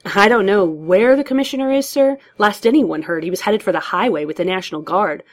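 A woman voicing a panicked young male police officer, urgent and shouting under fire. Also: mid-range voice, animated, a little fast, voice pushed up, close to an everyday voice.

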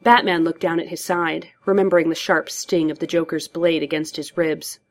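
A woman narrating a story in a steady, measured audiobook reading. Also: sits low.

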